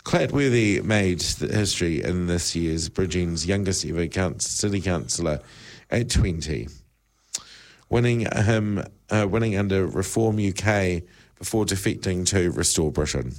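A male presenter with a lowish voice reads news items aloud on a studio mic. He breaks off with laughing asides and bursts of mock panic, keeping the tone of casual chat show banter. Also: expressive, measured pace. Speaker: radio presenter reading news stories. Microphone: studio microphone.

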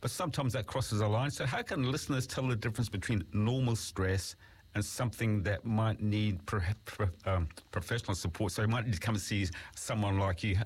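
Male host, very deep breathy voice, asks measured questions. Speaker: interview host. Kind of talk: interview questions.

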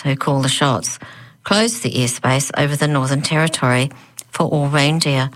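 A gloomy, tired old Santa, as a woman reading the story puts him on. He talks in a lackadaisical, sighing way, with a low voice and no drive left in him. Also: fairly bright tone. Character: gloomy weary former Santa man.

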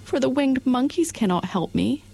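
An eager little girl speaks in a high, childlike voice, earnest and homesick, as a woman puts her on. The pitch jumps well above the reader's own. A storybook child. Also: expressive, moderate pace, creaky, warm tone, breathy edge, full character voice.

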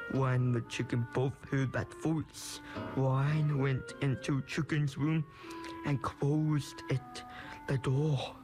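A host reading a homemade spooky story as storyteller, slow and expressive. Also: medium pitch.

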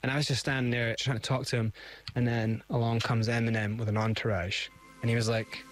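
A man's voice: mid-range voice, flat delivery, fairly quick, faint music behind. A middle-aged man, a guest in an interview, telling his story with animation and acting out the voices he quotes. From Scotland.

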